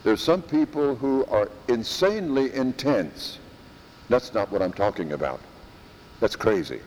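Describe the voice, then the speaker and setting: A man delivers a sermon in a slow, deliberate way, his pitch swinging widely as he leans on key words. He repeats phrases for emphasis. His voice carries a long reverb from a church hall, with faint background noise. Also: animated, a little mellow. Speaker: preacher.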